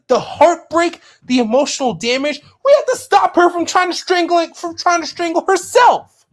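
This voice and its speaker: In a heated voice chat confrontation, a woman with a very high voice speaks at a normal speed. She's impassioned and lecturing, piling up repeated questions.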